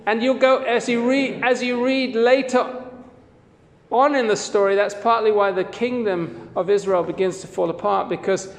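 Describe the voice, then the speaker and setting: High-voiced male pastor preaching in a hall. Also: steady tone, moderate pace, creaky. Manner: earnest, conversational preaching with quoted readings. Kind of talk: sermon.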